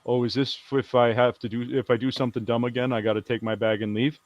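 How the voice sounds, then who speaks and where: A dim but eager big dockhand who asks slow, muddled questions, as a man puts him on for a tabletop game. His voice sits in a middle range. The mic is close and the sound is dry. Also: medium pitch, level tone, no room sound, dull audio, natural voice. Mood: worried. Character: dim, strong male dockhand, simple and eager.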